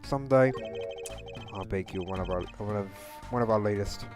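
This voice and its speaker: A woman voicing a stern elderly male gangster boss in a low, gruff voice. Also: moderate pace, music in the background. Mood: solemn.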